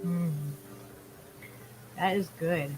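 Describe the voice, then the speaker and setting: A woman co-hosting a casual talk show, reading affirmations slowly and gently and giggling now and then. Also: on the low side, steady tone, loud music behind the voice, low-quality recording. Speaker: podcast co-host.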